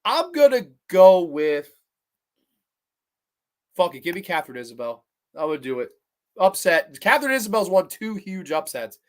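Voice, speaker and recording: A man hosting a live stream, talking to his chat in an excitable, profane way as he agonizes aloud over picks. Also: high voice, moderate pace, long pauses. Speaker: podcast host.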